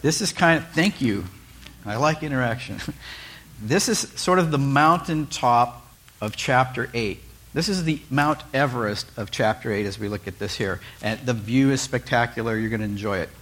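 At a moderate pace and medium pitch, a male pastor preaches a sermon that feels like a conversation. He asks his listeners rhetorical questions and keeps shifting his tone with animated energy.

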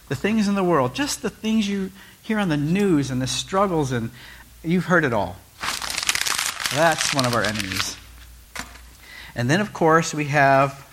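A man's voice: medium pitch, a little hiss or hum. A male pastor giving a conversational sermon, asking the listeners questions and changing his tone often. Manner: conversational, animated preaching with rhetorical questions.

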